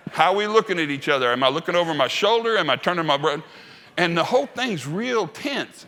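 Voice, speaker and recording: In a large, reverberant conference hall, a man gives a funny keynote built on storytelling and acts out the dialogue. His pitch is fairly high, and his delivery sounds pushed and bright.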